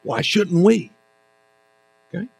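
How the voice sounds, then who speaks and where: High-voiced man preaching conversationally. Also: expressive, creaky, husky. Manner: conversational preaching with rhetorical asides and dramatic pauses. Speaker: pastor. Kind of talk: sermon.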